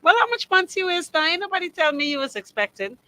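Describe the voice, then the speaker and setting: A woman's voice: big pitch swings, quick pace, bright, forceful tone, exaggerated voice. A woman mimicking a nosy, tactless Bahamian gossip. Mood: prying. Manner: high, exaggerated, prying.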